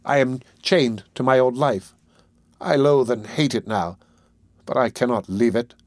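A man's voice: mid-range voice, unhurried, no echo, studio quality, close to an everyday voice. A man voicing a fearful young street woman in an audiobook reading, who talks in an agitated, hasty way with broken restarts. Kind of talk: audiobook character voice.

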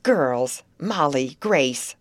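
A woman's voice: low voice, animated, moderate pace, a little mellow, dry recording. A woman voicing Betty, a sensible teenage girl who keeps the peace, speaking in an earnest, coaxing way. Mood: pleading.

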